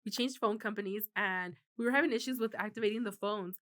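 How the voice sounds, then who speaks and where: Woman in her thirties, podcast co-host, casual chat, frequent laughter, casual swearing, middle pitch. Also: quick pace, a bit bright.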